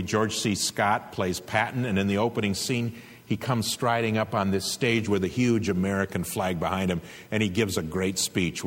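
A male preacher delivering an earnest, emphatic sermon with a husky voice. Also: sits low, big-room sound. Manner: earnest, emphatic exhortation with rising intensity.

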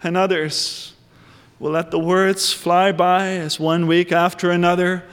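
High-voiced, slow-preaching man in a reverberant hall. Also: level tone, a bit bright, clean tone. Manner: measured preaching, slowing and rising to stress key phrases. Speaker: pastor. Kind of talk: sermon. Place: church sanctuary. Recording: long reverb of a large hall.

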